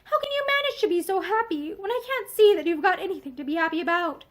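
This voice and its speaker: A tearful, passionate young wife, stormy and unhappy, as a woman reads her aloud from a storybook. The voice runs high and swings widely. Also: animated, fast. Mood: miserable. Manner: stormy and pleading.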